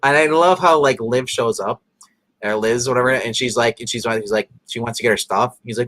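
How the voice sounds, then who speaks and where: A man's voice: medium pitch, fast, dry recording, poor audio. Rambling man recapping a show. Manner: rambling, many fillers, acts out characters' lines. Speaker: podcast co-host. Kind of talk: casual episode recap chat.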